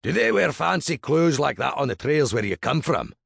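A man's voice: medium pitch, wildly swooping pitch, slow, vocal fry, sharp tone, husky, no room sound, clean studio sound, voice pushed up, exaggerated voice. A man voicing a brash, swaggering Scottish frontiersman who mocks and taunts. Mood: mocking.

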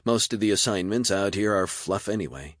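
A man's voice: fairly low pitch, expressive, a little fast, a bit bright, no room sound, studio quality, voice pushed up. A man voicing a practical young woman news producer who speaks bluntly and matter-of-factly.

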